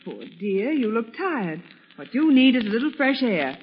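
An actress playing a doting young wife with a sweet, solicitous manner, in 1940s radio acting style. The sound is a muffled 1940s radio broadcast. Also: female voice, fairly high pitch, big pitch swings, normal speed, a little hiss or hum. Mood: tender.

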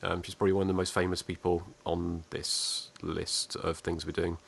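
A man runs a casual movie quiz with his friends. His voice sits on the lower side, and he hesitates often, filling gaps with ums and restarting his sentences. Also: flat delivery, normal speed, gravelly, breathy edge. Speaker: quiz host. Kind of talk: casual podcast chat.

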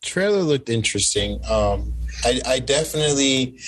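Low-voiced man, hesitant chat. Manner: hesitant, measured, many ums and restarts. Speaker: podcast co-host. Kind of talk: casual chat.

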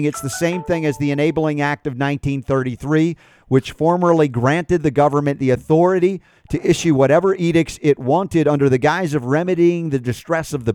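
A man's voice: a little high, clean tone, no room sound, clean studio sound. A man hosting a talk radio show, reading an article aloud and adding emphatic commentary.

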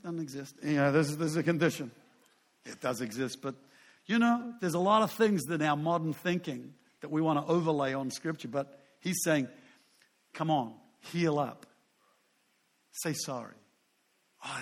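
A man in his sixties, a pastor preaching a sermon in a loose, conversational way, full of asides and self-deprecating humor. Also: a little high.

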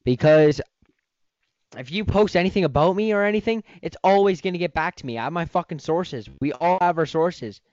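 A man's voice: fairly high pitch, expressive, a little fast, darkish tone, no echo. Profane man ranting, lo-fi. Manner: profane, heated, rambling. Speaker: podcast host. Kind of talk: casual podcast rant.

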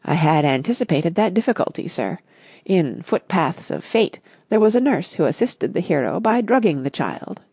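A prim, wordy male servant from a storybook, read by a woman, deferential and measured. Her husky voice sits low with a gravelly edge. The recording is dry. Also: big pitch swings, darkish tone, dry recording, full character voice.

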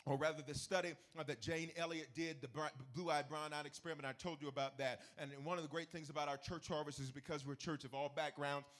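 A man preaching a sermon as pastor, leading call-and-response with his congregation and swelling into shouted, half-sung cadences. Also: on the high side, fairly even intonation, fast talker, hardly any pauses. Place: church service.

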